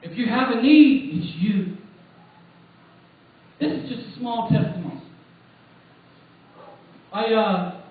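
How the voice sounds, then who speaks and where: A man preaching and telling a personal testimony at a church service, emphatic and rising to near shouts. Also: high-pitched, heavy reverb, a little hiss or hum. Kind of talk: sermon testimony. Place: church sanctuary. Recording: tinny distant church recording.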